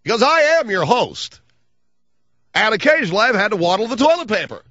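A man's voice: high voice, big pitch swings, a little fast, bright, forceful tone, no room sound, dull audio, pitched above the performer's own voice, exaggerated voice. A man voicing a smug, dim radio host with a cartoonish drawl who overexplains everything. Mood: condescending. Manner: overexplains, condescending.

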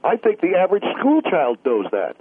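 A man's voice: sits high, wildly swooping pitch, normal speed, slightly rough, no echo. A male caller arguing heatedly on a radio show, interrupting and repeating himself. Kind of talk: heated radio call-in argument. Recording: tinny phone line.

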